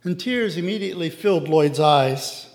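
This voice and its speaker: A man reading a devotional story aloud in a measured way, acting out the characters, in a reverberant hall. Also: on the high side.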